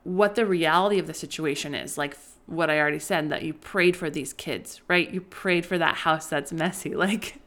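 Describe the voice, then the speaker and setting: A woman's voice: low voice, moderate pace, few pauses, a bit bright. A young adult woman hosting a faith-based podcast for moms, talking in an earnest, rambling way with many restarts and "like"s. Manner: earnest, rambling, self-correcting, frequent "like". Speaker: podcast host.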